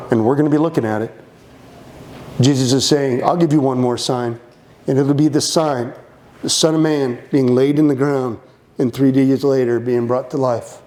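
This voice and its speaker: A male pastor preaching a lively sermon, playful and animated, acting out the disciples in funny voices. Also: mid-range voice.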